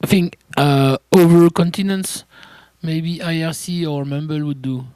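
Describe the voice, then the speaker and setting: A man with a French accent speaking up at a conference discussion, halting and hesitant. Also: on the high side, fairly even intonation, darkish tone, clean tone, dry recording. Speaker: attendee. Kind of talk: casual discussion.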